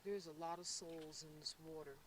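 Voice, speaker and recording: A man from Florida working as a psychic medium on an outdoor paranormal investigation, talking intensely and haltingly with many restarts. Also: on the high side, steady tone, recorded from a distance, background noise. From Florida, USA. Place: outdoors by a reservoir.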